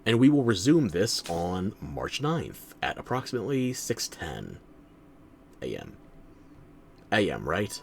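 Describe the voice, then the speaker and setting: A man's voice: deep voice, very animated, unhurried, vocal fry, pauses often, slight background noise. A tired man streaming a video game, talking in a sardonic, theatrical way. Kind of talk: game commentary.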